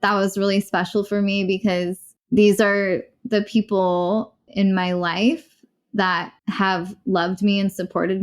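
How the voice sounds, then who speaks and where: A woman frankly recounting a hard personal experience in a podcast interview, rapid and rueful, with short laughs. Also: medium pitch. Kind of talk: candid personal storytelling.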